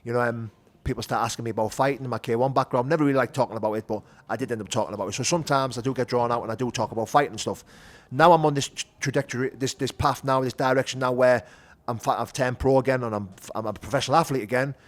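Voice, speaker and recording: A middle-aged podcast guest from the North of England, average in pitch and steady in tone, rattles along at top speed. He's blunt and frank, telling his story in a candid, conversational way packed with "you know" and "do you know what I mean".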